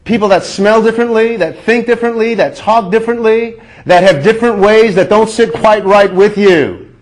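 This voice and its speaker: Man, high voice, preaching, slow emphatic sermon, rhetorical questions. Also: a little hiss or hum. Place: shelter chapel.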